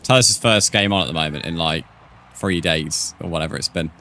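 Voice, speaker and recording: A man's voice: low voice, a little fast, pushed and bright. A man streaming a game, chatting casually with viewers and calling them "mate". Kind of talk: casual live-stream chat.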